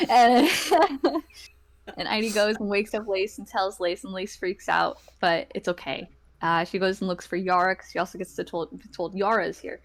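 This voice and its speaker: A woman's voice: mid-range voice, steady tone, normal speed, creaky. A woman giving a rambling, casual recap of the last tabletop game session, full of fillers and acted-out lines from her friends.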